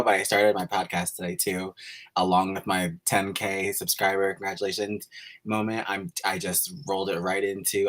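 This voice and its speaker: A man's voice: sits low, fairly bright tone. A man hosting a live stream, gushing and giggling as he greets viewers by name, emotional and close to tears.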